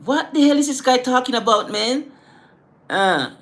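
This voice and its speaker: A middle-aged Caribbean man with an island accent hosts a casual livestream, chatting with viewers in a laid-back way and dropping "man" and "you know" all through his talk. His voice is extremely high-pitched and animated, moving at a moderate pace with a slightly bright tone.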